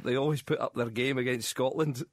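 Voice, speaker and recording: A man co-hosting a football podcast in casual chat, wry and halting, often laughing between phrases. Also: medium pitch, steady tone, dry recording, studio quality. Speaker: podcast co-host.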